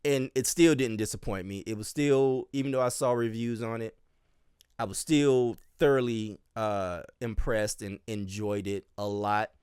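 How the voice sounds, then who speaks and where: A man's voice: lowish voice, fairly even intonation, a little slow, a little mellow, smooth, no echo, clean studio sound. A man from the US South with a Southern accent, a dance teacher hosting his own podcast in a loose solo chat full of fillers and restarts. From Miami and Charleston, US South. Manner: rambling, with many fillers and restarts.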